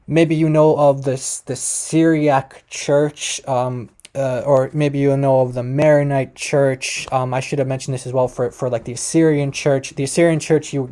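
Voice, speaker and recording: A man's voice: medium pitch, warm tone. A man hosting a video, explaining casually to viewers with many fillers and restarts. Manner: addresses viewers directly. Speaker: video host explaining a language.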